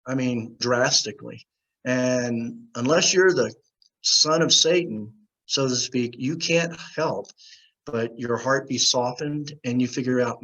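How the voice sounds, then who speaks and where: A man's voice: medium pitch, takes it slowly, highs cut off. A man, a guest on an interview show, telling a story casually and acting out the other people in it. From United States. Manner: animated anecdote teller, acts out quoted voices.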